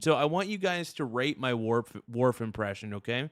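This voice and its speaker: A man's voice: mid-range voice, animated, moderate pace, no room sound, clean studio sound. A man hosting a livestream, chatting casually and crudely while thanking viewers for gifts. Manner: rambling, joking, crude. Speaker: livestream host.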